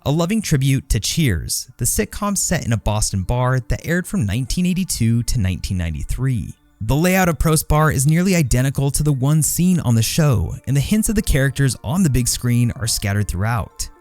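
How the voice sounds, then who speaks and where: A man's voice: medium pitch, big pitch swings, moderate pace, darkish tone, dry recording. A man reading a scripted video-essay narration in an explanatory, enthusiastic way. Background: background music.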